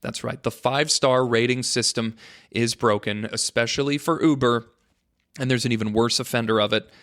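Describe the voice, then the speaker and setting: A man's voice: medium pitch, steady tone, moderate pace, a bit bright. Rambling, jokey male podcast host. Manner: rambling, jokey, mock-dramatic asides to "folks". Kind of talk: casual solo podcast monologue.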